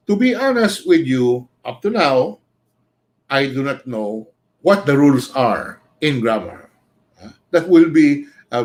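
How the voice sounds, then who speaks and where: A male writing teacher talks through his lesson in a slightly raised voice, pausing constantly on "uh" fillers. He keeps tagging his points with a questioning "no?" as he goes. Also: a little high. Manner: hesitant, many "uh" fillers, frequent tag "no?". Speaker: writing teacher hosting a livestream. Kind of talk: unscripted livestream lecture.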